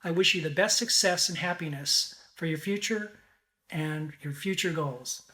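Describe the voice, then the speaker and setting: High, bright-voiced man giving a commencement address. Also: moderate pace. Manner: formal, reading out graduate names and honors. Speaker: illustration faculty member.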